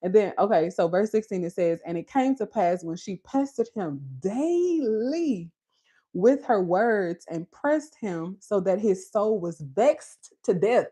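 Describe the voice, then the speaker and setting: A woman with a Caribbean Creole accent hosting a casual, animated Bible talk, with a husky voice and frequent laughter. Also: mid-range voice, measured pace. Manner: animated, preachy, laughs often. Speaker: beauty channel host.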